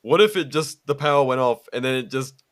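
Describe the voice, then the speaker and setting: A man's voice: mid-range voice, brisk. Laid-back swearing man chatting. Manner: laid-back, swears a lot, frequent fillers and laughs. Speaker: podcast co-host. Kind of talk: casual chat.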